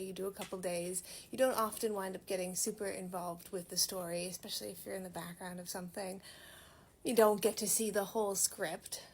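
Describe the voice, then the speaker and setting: A chatty young woman reviews a movie in a casual vlog. She is animated and self-mocking, with a voice pitched in the middle range for a woman. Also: slight background noise. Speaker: movie reviewer and background actor.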